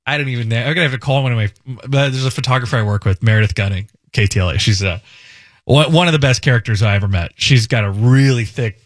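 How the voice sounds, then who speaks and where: A man's voice: mid-range voice, fast talker, dry recording, clean studio sound. A male radio host in casual banter, joking and laughing often.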